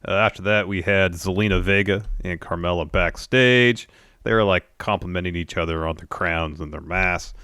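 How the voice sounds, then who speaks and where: A man with a very deep voice co-hosts a casual wrestling recap. He recounts segments in a plain, matter-of-fact way. His sound is dry and close to the mic. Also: moderate pace, pushed and bright, clean tone, no room sound. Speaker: podcast co-host.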